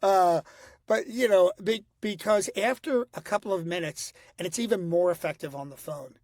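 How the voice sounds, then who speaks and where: Clean studio sound with no echo captures a middle-aged man whose voice sits high and carries a nasal Philadelphia accent. As a voice impressionist guesting in a casual interview, he chats animatedly, tosses in quick voices and quotes, and restarts many times.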